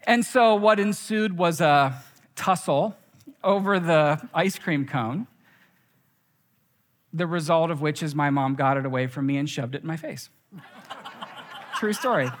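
A young adult man preaching a sermon, telling stories with lively acted quotes. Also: a little high, measured pace, pauses often. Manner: animated storytelling with acted quotes. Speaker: pastor. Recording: reverberant hall.

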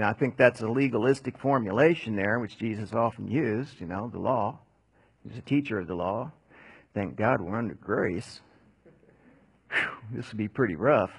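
A man preaching a conversational sermon, telling a Bible story in a casual, animated way. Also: on the low side, a little slow, long pauses, breathy edge, no room sound.

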